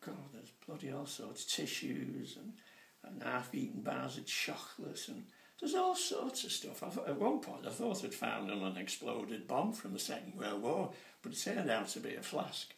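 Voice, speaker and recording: A man's voice: mid-range voice, normal speed, creaky. Older man telling jokes. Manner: chatty, animated, acting out voices in his jokes. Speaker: stand-up comedian. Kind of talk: stand-up comedy storytelling. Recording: roomy sound from a distant mic.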